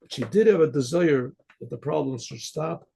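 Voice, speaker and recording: Rabbi guy telling a story, husky gravelly voice, keeps clearing his throat. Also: on the high side, normal speed, mellow. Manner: conversational, frequent throat clearing and restarts. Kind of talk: storytelling sermon.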